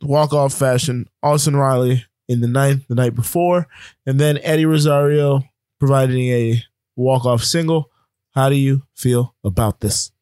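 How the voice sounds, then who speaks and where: A man's voice: medium pitch, steady tone, measured pace, darkish tone, smooth, dry recording, clean studio sound. A man co-hosting a casual sports talk show, running through rankings and scores with lots of fillers. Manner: rambling, filler-heavy rundown of rankings. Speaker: sports podcast co-host.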